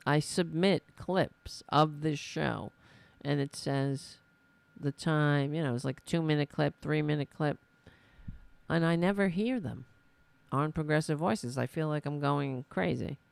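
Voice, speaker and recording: A woman's voice: low-pitched, unhurried, gravelly, a little mellow, clear, resonant tone, dry recording. A woman from New York with a New York accent, hosting a solo political podcast and ranting in a frustrated, self-deprecating way. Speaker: podcast host.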